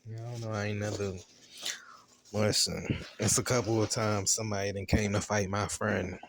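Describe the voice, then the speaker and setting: Man, low voice, AAVE, casual profane show-review rant, laughs easily. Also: little pitch movement, normal speed, gravelly, a little hiss or hum. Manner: loose, chatty, profane storytelling with laughs.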